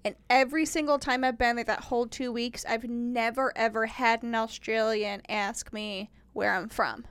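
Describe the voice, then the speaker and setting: A woman's voice: fairly high pitch, normal speed, few pauses, smooth, no echo. A woman from Indiana with an Upper Midwest American accent, chatting casually and acting out quotes as she tells stories. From Indiana, United States. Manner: animated storyteller, acts out quotes, swears freely. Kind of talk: casual chat.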